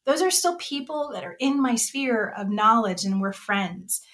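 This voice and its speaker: A woman's voice: a little high, lively intonation, measured pace, a bit bright. A middle-aged woman speaking passionately and from the heart as a nonprofit director in a podcast interview. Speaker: executive director of a trail nonprofit.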